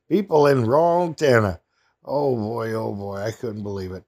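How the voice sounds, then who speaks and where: A man's voice: lowish voice, unhurried, a little mellow. Man rambling through a heartfelt story. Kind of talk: casual storytelling.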